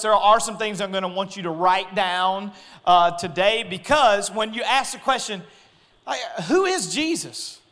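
A middle-aged man preaching a sermon, animated and jokey, often acting out voices. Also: very high-pitched. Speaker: pastor.

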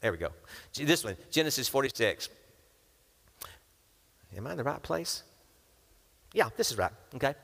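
A man's voice: medium pitch, sing-song, moderate pace, vocal fry, long pauses, fairly bright tone. A man preaching a sermon, reading scripture and breaking into casual asides where he acts out the characters. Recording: long hall reverb.

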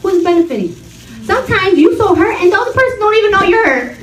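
A woman's voice: very high-pitched, fast. A woman preaching a sermon to a women's gathering, laughing often and calling for responses from the crowd. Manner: animated, laughing, call-and-response. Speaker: women's ministry speaker. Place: church hall. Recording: roomy hall, distant mic, audience.

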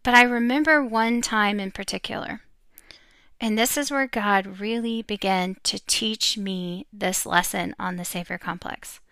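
A middle-aged woman sharing an emotional personal testimony about her faith, talking earnestly with pauses and fillers. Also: mid-range voice, a bit bright, dry recording. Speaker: Christian speaker sharing a testimony.

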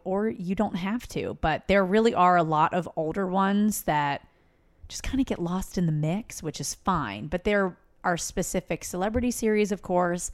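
A slightly low-pitched woman co-hosts a podcast with easy, candid chatter. She giggles often and talks with loose, offhand energy. Her voice has a relaxed, conversational ease. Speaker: podcast co-host. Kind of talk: casual chat.

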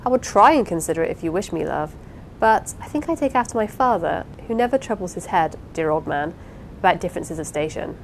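A woman's voice: lowish voice, lively intonation, fairly quick, slight background noise, low-quality recording. Rosamond, an eager pleading young wife, as a woman reads her. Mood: earnest. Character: impulsive warm-hearted young wife. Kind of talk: audiobook character reading.

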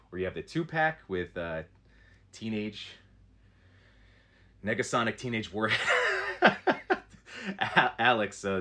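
A man's voice: low-pitched, bright, forceful tone. A man doing a casual live stream, showing action figures up close and chatting with viewers in a rambling way, with lots of fillers. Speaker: toy collector streamer.

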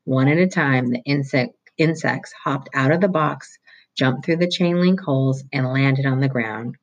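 A reader reading a novel chapter aloud at a steady pace, with small slips and restarts. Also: mid-range voice, a little slow, poor audio. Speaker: audiobook reader.

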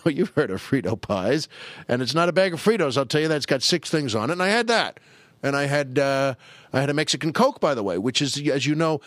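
A middle-aged man spins a long, rambling family story on his own show, poking fun at himself. His voice sits a little high for a man. It is recorded close and dry, with no room sound. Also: a bit bright, no room sound. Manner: rambling, self-mocking, acts out family voices. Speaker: podcast host. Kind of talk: casual storytelling monologue.

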